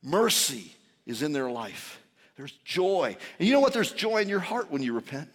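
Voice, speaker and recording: A man preaching a sermon as a pastor, impassioned, swinging from loud shouts to soft, intimate tones. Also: on the high side, big pitch swings, normal speed. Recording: long hall reverb.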